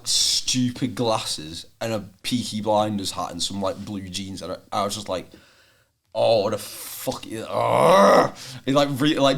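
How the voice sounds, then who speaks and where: A young man, co-hosting a student podcast and telling a long rambling story full of fillers and restarts. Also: mid-range voice. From England. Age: young adult. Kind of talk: casual chat. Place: room, seated on the floor.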